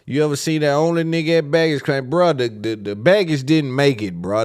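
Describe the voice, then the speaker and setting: A man's voice: on the high side, brisk, clean tone, no room sound, studio quality. A man hosting a podcast in casual solo commentary, laid-back and slangy, rambling with repeated fillers. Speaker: podcast host.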